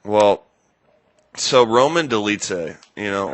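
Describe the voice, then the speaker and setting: A man with a lowish voice and a bright, forceful tone hosts a casual podcast. He rambles, swears often and loses his thread now and then. The sound is dry and close. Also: a little slow, dry recording. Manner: rambling, profane, loses his train of thought. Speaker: podcast host. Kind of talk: casual chat.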